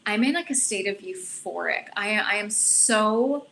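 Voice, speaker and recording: Guest, woman, middle-aged, earnest and animated, bright tone, faint noise behind. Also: mid-range voice, moderate pace, few pauses, poor audio. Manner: earnest, animated, self-reflective. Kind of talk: casual storytelling.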